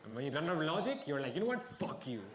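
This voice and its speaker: A young man doing a stand-up comedy set on stage, with wry deadpan asides and bursts of mock outrage. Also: on the high side, racing. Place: stage before a live audience. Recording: echoey live venue with crowd noise.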